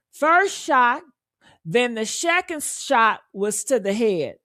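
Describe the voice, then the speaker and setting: A woman hosting a live stream, giving true crime commentary in a loud, profane, emphatic way, repeating lines for effect and urging viewers to like the video. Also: fairly high pitch, very animated, slow pace, no echo, clean studio sound. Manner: coaxing viewers for likes.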